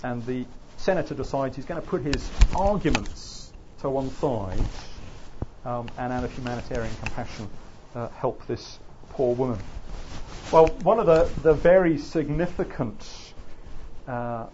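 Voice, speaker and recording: A man's voice: mid-range voice, a little slow, background noise. A man with an Oxford English accent giving a classroom lecture, hesitant and full of fillers. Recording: slightly muffled recording.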